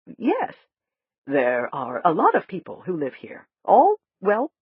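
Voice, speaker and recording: A woman voicing a gentle male doctor who coaxes and reassures a frightened patient. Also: fairly low pitch, wildly swooping pitch, takes it slowly, breathy edge, dry recording, exaggerated voice. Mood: reassuring. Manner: coaxing, reassuring. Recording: dull lo-fi dry recording.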